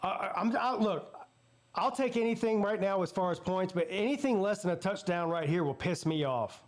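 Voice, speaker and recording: A man with a Southern US accent hosting a live watch-party stream, calling plays excitedly and jumping up in pitch on big plays. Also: moderate pace. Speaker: sports streamer host.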